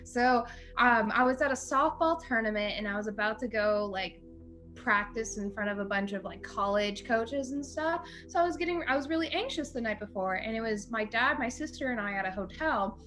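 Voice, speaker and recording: A young woman co-hosting a podcast, chatty and quick to laugh while telling a story. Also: on the high side, a bit bright, soft background music. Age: young adult. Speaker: podcast co-host. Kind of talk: casual storytelling chat.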